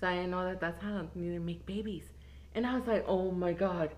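A woman telling a funny story in a casual chat, animated, laughing often and swearing freely. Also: fairly low pitch, a little fast.

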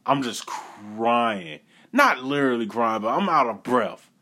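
Speaking at a measured pace in a mid-range voice, a young man animatedly recounts something that happened to him. He keeps it casual, repeats phrases for emphasis, and acts out other people's lines.

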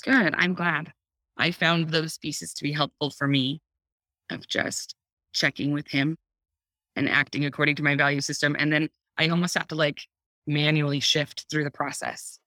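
This woman's voice is deep and free of echo, moving at a normal speed. Talking casually about parenting on a podcast, she gets animated, breaks into frequent laughter and voices her own thoughts as inner dialogue.

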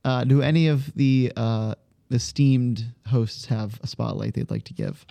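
Guy hosting a chill podcast, kinda gravelly creaky voice, jokey, dry close mic. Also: medium pitch, sing-song, unhurried, warm tone, no echo. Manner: playful, laughs often, runs the segments. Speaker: podcast host. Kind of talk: casual podcast chat.

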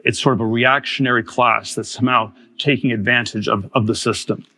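A man in his fifties giving a public lecture, talking haltingly with many restarts and repeated words. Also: medium pitch, steady tone, bright, forceful tone. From Germany. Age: 50s. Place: lecture hall.

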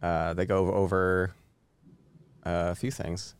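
A man's voice: deep voice, flat delivery, slow, smooth. A man speaking as a podcast guest, casual and a bit hesitant with many fillers. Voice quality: hesitant, lots of uhs. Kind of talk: casual chat.

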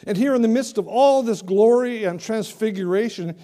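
A man preaching a sermon, dramatic and swinging from loud to hushed, often repeating words. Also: high-pitched, moderate pace.

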